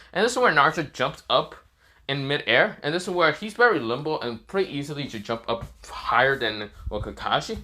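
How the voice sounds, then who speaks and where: A man's voice: medium pitch, expressive, a little fast, pushed and bright. A man improvising a fan-fiction story, rambling with many fillers and slips.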